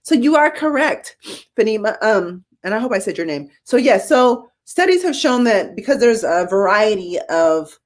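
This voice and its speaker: Emotional nurse host, casual and earnest. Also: female voice, medium pitch, very animated, moderate pace. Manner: emotional, chokes up telling hospital stories; casual, addresses viewers as y'all. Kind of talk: live-streamed talk show.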